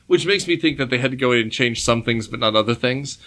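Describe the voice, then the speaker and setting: Bright-voiced animated man discussing films. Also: mid-range voice, quick pace. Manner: animated, jokey, acts out quotes. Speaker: podcast co-host. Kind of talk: casual movie discussion.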